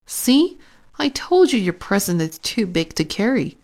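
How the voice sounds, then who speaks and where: A woman voicing a helpful, clever young schoolgirl in a storybook, in a lively, chatty tone. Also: mid-range voice, measured pace. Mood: cheerful.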